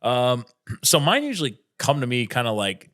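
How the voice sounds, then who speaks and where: A man's voice: medium pitch, sing-song, normal speed, fairly bright tone. A male stand-up comedian, a guest in a casual interview, rambling and swearing freely. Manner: rambling, profane, full of restarts.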